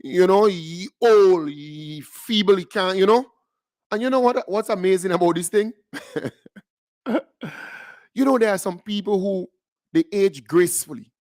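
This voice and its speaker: A man's voice: high-pitched, normal speed, pauses often, a little mellow, no echo, studio quality. A man with a Grenadian accent hosting a show, delivering a mocking political rant full of emphatic repetition.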